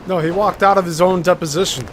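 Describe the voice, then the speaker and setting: A man's voice: sits high, steady tone, fast talker, fairly bright tone, a little hiss or hum. A man hosting a show, commenting casually and mockingly on a recording and acting out the people in it. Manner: mocking, laughs, acts out quotes. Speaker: show host commenting on a clip.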